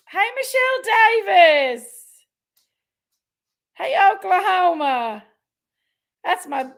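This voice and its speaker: A woman hosts a casual livestream in a high, gravelly voice. She talks at an unhurried pace. She is chatty and affectionate, greeting her viewers warmly by name and with pet names. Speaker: livestream host.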